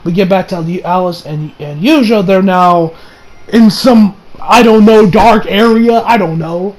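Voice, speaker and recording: A young man casually reviewing an anime episode, excitable, cursing a lot and restarting his sentences. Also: sits high, unhurried. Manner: excitable, swears often, many fillers and restarts.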